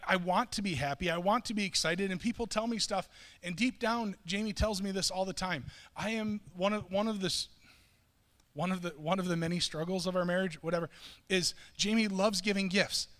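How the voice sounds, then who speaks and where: A man's voice: high voice, brisk, a bit bright. Man, middle-aged pastor, sermon, conversational, restarts words, reverberant church hall. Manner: conversational, self-deprecating, repeats and restarts words. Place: church sanctuary.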